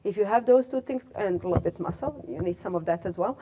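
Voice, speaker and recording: A woman, telling a story in a talk to a room, animated and full of fillers. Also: medium pitch, fast talker. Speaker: guest speaker, alumna. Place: lecture room.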